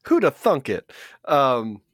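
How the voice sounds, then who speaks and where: A man's voice: medium pitch, sing-song, takes it slowly, a bit bright, no room sound, clean studio sound. A man co-hosting a podcast in casual chat, rambling with fillers and laughing often. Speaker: podcast co-host.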